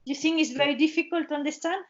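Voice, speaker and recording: A woman from southern Spain with an Andalusian Spanish accent, a Spanish speaker presenting in halting English with many restarts and fillers, hosting a webinar over a video call. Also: high-pitched, dull audio. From Cádiz province, Spain. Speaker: webinar host and travel guide.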